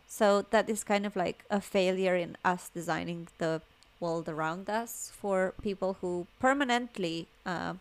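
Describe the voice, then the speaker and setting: Female guest with a noticeable accent, thoughtful and measured, medium pitch. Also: smooth. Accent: non-native accent. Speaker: podcast guest. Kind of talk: casual chat.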